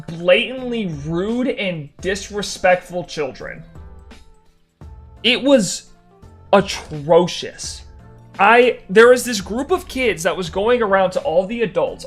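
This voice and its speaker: A young man streaming live, chatting casually with viewers and telling an animated story with dry sarcasm. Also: high voice.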